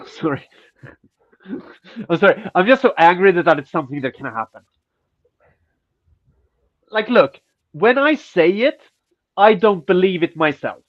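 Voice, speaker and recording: Podcast co-host, man, stuffy-nosed, foul-mouthed rants, swooping pitch, dull lo-fi audio. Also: unhurried, long pauses. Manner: profane, ranting, animated. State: stuffy nose. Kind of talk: casual chat.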